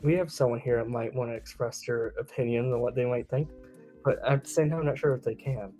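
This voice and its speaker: A man's voice: mid-range voice, fast talker, mellow. A man hosting a casual livestream chat, playful and joking with his guests, with faint music behind him. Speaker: livestream host.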